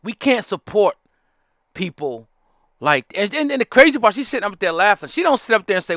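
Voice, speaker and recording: A man's voice: sits high, big pitch swings, brisk, fairly bright tone, dry recording, studio quality. A man ranting in heated commentary, repeating himself and calling on his listeners. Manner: fiery, repetitive, preachy, addresses the audience directly. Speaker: commentary host.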